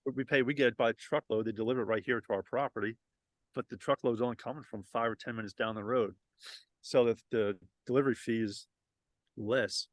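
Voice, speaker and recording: A man's voice: medium pitch, fairly even intonation, a little fast, no echo. A man who runs a lawn renovation business, talking loosely in a casual interview with frequent restarts, outdoors at his home.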